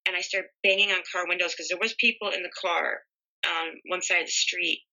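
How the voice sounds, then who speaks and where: A middle-aged woman with a bright, sharp-edged voice sitting lower than most. She recounts her own experience in an interview, earnest and emotional as she talks. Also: gravelly, muffled recording. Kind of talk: personal testimony.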